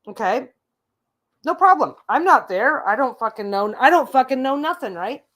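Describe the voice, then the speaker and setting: A woman's voice: animated, moderate pace, fairly bright tone. A woman hosting her own show, telling a long casual story with lots of asides, restarts and the odd swear word. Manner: chatty, rambling, frequent asides and restarts; mimics a parrot's calls in a higher squawky voice. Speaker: host.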